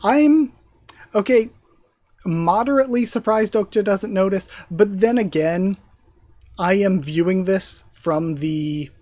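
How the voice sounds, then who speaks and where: A live reaction streamer reads a web novel aloud and breaks off into giggly, self-deprecating asides with casual swearing. The voice sits at an ordinary middle pitch. The sound is dry and close, with almost no room around it. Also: a little slow, warm tone, dry recording.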